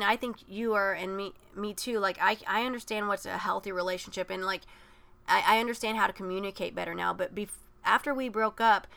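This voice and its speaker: A woman's voice: mid-range voice, creaky, bright, forceful tone. A woman co-hosting a podcast, telling a personal story in a rambling way with many fillers. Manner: rambling, many "like" fillers, acts out quoted voices. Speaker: podcast co-host. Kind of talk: personal storytelling in casual chat.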